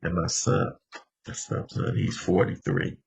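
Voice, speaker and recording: Gravelly low-voiced man in his seventies. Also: steady tone, unhurried. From Los Angeles. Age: 70s. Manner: conversational storytelling, often addressing the room directly. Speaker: speaker at a recovery meeting. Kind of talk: personal recovery share.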